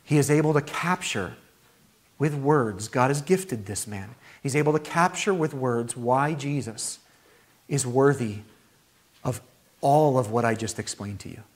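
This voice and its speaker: A man preaching a sermon as pastor, with animated delivery that climbs to high, emphatic peaks. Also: unhurried.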